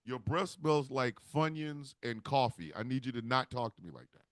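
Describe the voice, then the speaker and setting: A man's voice: medium pitch, expressive, normal speed, dry recording, pitched below the performer's own voice, natural voice. Guy putting on a whiny put-upon crow, bickers in street slang, voice swings all over the place, really dry sound. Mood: bickering. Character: hapless male crow made harbinger of death.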